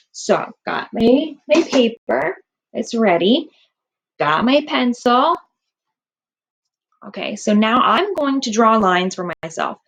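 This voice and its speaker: A woman teaching a kindergarten writing lesson, stretching out words and sounds for young children. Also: on the high side.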